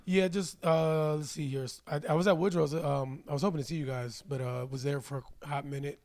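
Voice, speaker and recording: Raspy laid-back man. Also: on the high side, fairly even intonation, brisk, darkish tone, no echo. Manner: laid-back, loose, swears casually. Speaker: podcast guest, stand-up comic. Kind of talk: casual chat. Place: podcast studio.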